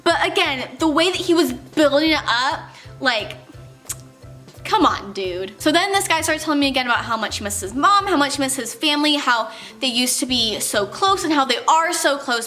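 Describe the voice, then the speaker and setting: A young woman from California tells a story in a high, bright voice full of quick exclamations. Her delivery is lively and expressive, with soft music playing behind her. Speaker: vlogger. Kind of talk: storytelling vlog.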